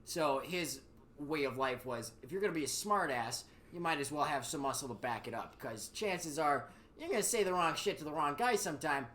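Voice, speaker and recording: A man in his thirties tells profane stories on a podcast, with a bright, forward tone. His voice leaps up and down in pitch as he throws himself into quoting people in loud, raised voices. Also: brisk. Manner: profane, animated, acts out quotes in raised voices. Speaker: podcast host. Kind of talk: casual storytelling chat.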